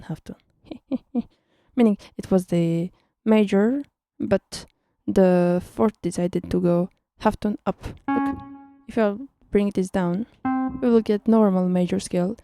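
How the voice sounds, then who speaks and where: A woman's voice: mid-range voice, mellow, dry recording, studio quality. A young woman teaching music theory in a casual online tutorial, chatty and teasing, often correcting herself mid-sentence.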